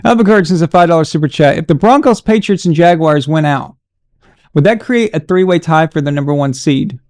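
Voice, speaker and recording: A man hosting a casual sports live stream, animated and exasperated as he chats with viewers. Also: fairly high pitch, a little fast, no room sound, clean studio sound.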